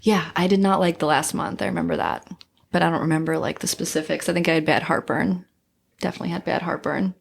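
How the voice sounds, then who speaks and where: New mom guest on a podcast, kinda low voice, soft and candid, trails off. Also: female voice, steady tone, fast talker, creaky, slight background noise. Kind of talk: casual conversation.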